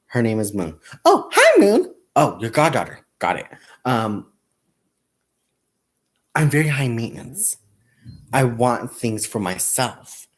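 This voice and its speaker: A man hosting a crafting livestream, chatting casually and self-mockingly and laughing often. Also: medium pitch. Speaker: crafting channel host.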